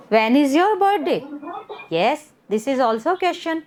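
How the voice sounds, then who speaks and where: A woman's voice: sits high, big pitch swings, a little slow, background noise. A young woman with an Indian accent teaching a grammar class, mixing Hindi and English and repeating words to drill them. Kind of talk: online class lesson.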